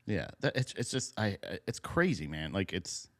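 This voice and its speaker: A young man co-hosting a casual comedy podcast, swearing and mocking in animated, rambling chat. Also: low-pitched, moderate pace, dry recording, clean studio sound. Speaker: podcast co-host.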